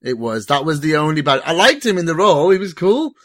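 A man hosting a casual film discussion, animated and quick to swear. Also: fairly high pitch, no echo, clean studio sound. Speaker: host.

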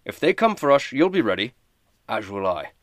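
A man voicing a self-important male advisor who speaks in a lofty, dismissive, measured way. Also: mid-range voice, big pitch swings, no echo, clean studio sound, close to an everyday voice.

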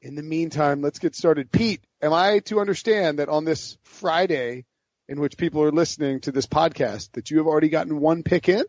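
A man's voice: on the high side, fairly quick, darkish tone, no room sound. A man hosting a casual sports podcast who rambles animatedly and laughs mid-sentence, on dull, dry lo-fi podcast audio. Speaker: podcast host.

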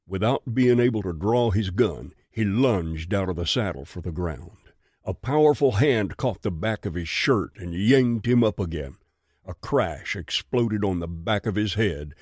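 A man reads a western audiobook in a slow, measured way. His voice sits a little low and is recorded dry and close, with no room sound. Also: darkish tone, no room sound. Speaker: narrator.

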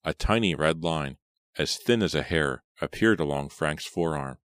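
A man narrating a horror audiobook in a steady, measured reading style. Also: a bass voice, dry recording, clean studio sound.

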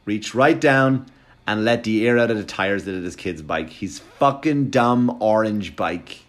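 A man doing stand-up, telling a long story in a quick, animated, profane way. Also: lowish voice. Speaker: stand-up comedian.

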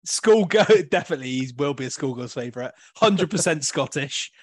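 A man's voice: a little high, expressive, fairly quick, no echo, studio quality. A man hosting a casual podcast banter session over a video call, rambling and laughing often. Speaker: podcast host.

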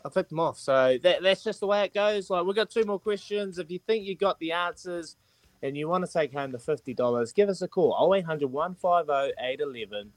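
A New man hosting a radio quiz, sounding cheery and matey. His voice sits slightly high for a man. The studio sound is dry and close. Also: animated, a little fast, no room sound. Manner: cheery, matey, counting down answers.

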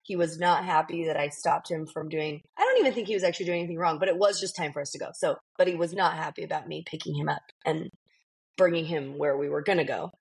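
A woman in her thirties with a soft, breathy voice tells a story on a parenting podcast. She rambles and giggles, filling her talk with "like" and "you know.". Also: deep voice, quick pace. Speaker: podcast co-host. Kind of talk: casual parenting podcast chat.

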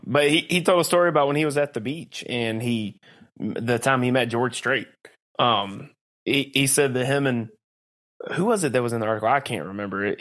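A man's voice: medium pitch, fairly bright tone. A man co-hosting a podcast, chatting casually with friends. He tells long rambling stories, circles back to correct himself, and breaks into laughter along the way. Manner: rambling storyteller, laughs often. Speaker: podcast co-host. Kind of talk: casual chat.

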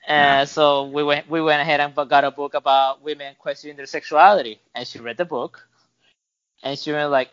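A man's voice: fairly high pitch, steady tone, a little fast, fairly bright tone, clean tone, muffled recording. A man guest on a podcast, telling his story in a loose, rambling way with many restarts and fillers. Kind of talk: casual storytelling interview.

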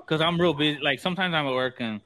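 A man's voice: on the high side, fast talker, bright, forceful tone, a little hiss or hum. A man in casual podcast chat, joking and apologetic.

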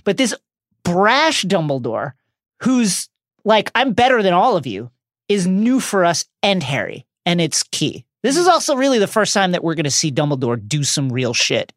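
A man co-hosting a podcast, excitedly discussing a book, profane, slipping into playful character voices. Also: sits high, moderate pace, no echo, studio quality. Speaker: podcast co-host.

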